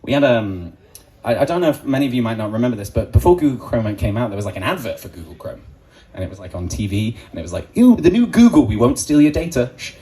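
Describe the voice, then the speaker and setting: A man's voice: lowish voice, quick pace, warm tone, poor audio. A man doing a stand-up comedy set, joking crudely and acting out quoted voices. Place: comedy club stage before an audience.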